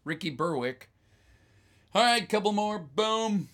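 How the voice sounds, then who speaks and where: A man with a slightly high voice, talking casually on a live stream. He reads and answers fan messages in a chatty, grateful way, with fillers and excited outbursts. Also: a little slow. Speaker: voice actor and YouTuber hosting a live stream.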